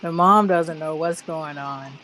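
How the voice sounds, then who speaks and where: A woman's voice: low voice, measured pace, sharp tone, a little hiss or hum. A woman co-hosting a movie review podcast, chatting casually and retelling scenes with animation. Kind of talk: casual chat.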